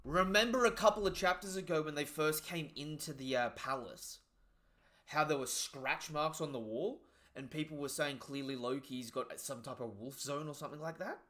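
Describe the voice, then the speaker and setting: A young man giving casual live reaction commentary, excitable and slangy, swearing freely and trailing off into low asides. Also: moderate pace.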